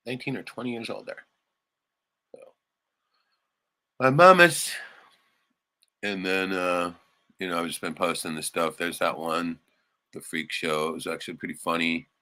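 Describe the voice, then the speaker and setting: A man hosting a casual livestream, rambling and swearing often, suddenly turning loud and excited. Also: low voice. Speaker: livestream host.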